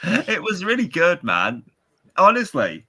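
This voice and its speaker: Animated, bright-voiced British man. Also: sits high, unhurried, husky. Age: 40s. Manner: rambling, self-mocking storyteller. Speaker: podcast co-host. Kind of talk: casual chat.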